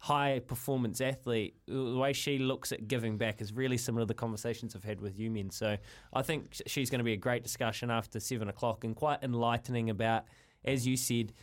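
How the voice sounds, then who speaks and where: A man speaks in a radio studio. He is measured and articulate and lays out his ideas in long, thoughtful sentences at a middling pitch. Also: steady tone. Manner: measured and articulate, explains at length. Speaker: radio host. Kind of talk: radio talk segment.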